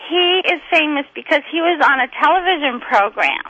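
A middle-aged woman, a guest comedian, telling rambling, excitable stories over a phone line. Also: sits high, a little fast, no room sound. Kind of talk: chatty phone interview storytelling.

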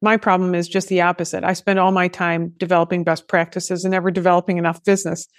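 A woman's voice: on the low side, level tone, quick pace, no echo, clean studio sound. A woman hosting a podcast, chatting casually with self-deprecating asides. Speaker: podcast host. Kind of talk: casual interview chat.

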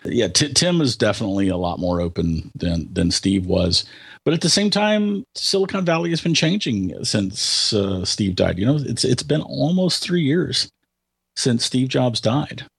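A man's voice: mid-range voice, sing-song, measured pace, vocal fry, husky. A man giving commentary in a casual conversation, hesitating and restarting often before he makes his point. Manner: hesitant, many restarts, then emphatic. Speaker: tech commentator.

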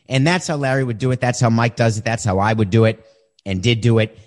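A man's voice: medium pitch, fast talker. A man in his fifties hosting a podcast, answering listener questions in a direct, conversational way and telling stories. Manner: direct, conversational, animated when retelling. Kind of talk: casual storytelling.

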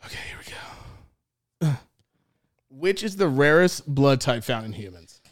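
A man's voice: mid-range voice, animated, measured pace, dry recording. Profane, laughing man on a dry mic. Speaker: podcast host. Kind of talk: crude casual game banter.

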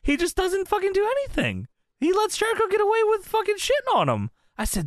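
A man's voice: very high-pitched, a little fast, dry recording, clean studio sound. A man casually recapping a wrestling show, swearing a lot and retelling the promos with laughter. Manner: profane, laughing, animated retelling with impressions. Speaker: podcast co-host.

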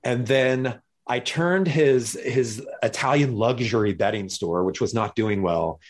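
A man's voice: medium pitch, a little slow. A man telling a story in casual conversation, acting out the lines of other people as he goes. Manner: animated, acts out other people's lines in jumpy voices. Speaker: guest.

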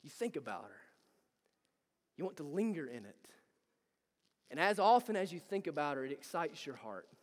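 A man's voice: a little high, sing-song, brisk, big-room sound. A man preaching a sermon, emphatic and repetitive, building intensity as he talks.

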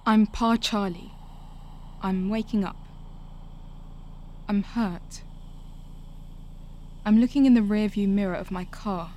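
An actress narrating a radio drama as a young woman looking back on her family, in a slow, quiet, reflective first-person voice. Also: mid-range voice, close to an everyday voice. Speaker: lead narrator of an audio drama.

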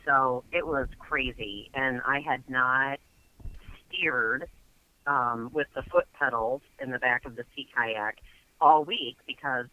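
A man's voice: medium pitch, slow pace, pushed and bright, rough recording. A man telling a story casually as a guest, chatty and full of fillers.

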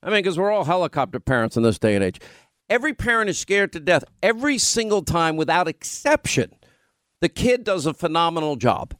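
Male talk host, high voice, dry studio sound, banters and defends himself playfully. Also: big pitch swings, a little fast, a bit bright, dry recording. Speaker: radio talk show host.

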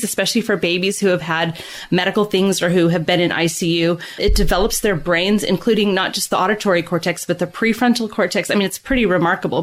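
A middle-aged woman, a guest author, chatting in a casual podcast interview, animated and full of fillers. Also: mid-range voice. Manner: chatty and animated, many fillers, laughs easily. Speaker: guest author of a parenting book.

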